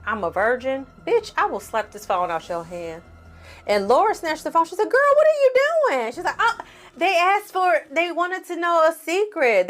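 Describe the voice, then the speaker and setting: A woman hosting a casual TV recap, talking straight to her viewers with slang and cursing and quickly acting out the characters' lines. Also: fairly high pitch. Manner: acts out the characters' lines in quick put-on voices. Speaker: film and TV recap host.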